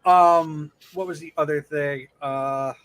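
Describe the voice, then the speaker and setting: A man's voice: a little high, takes it slowly, clear, resonant tone. A man co-hosting a casual podcast, telling rambling, profane stories. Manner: rambling, profane, animated storyteller. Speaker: podcast co-host. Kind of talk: casual chat, anecdote telling.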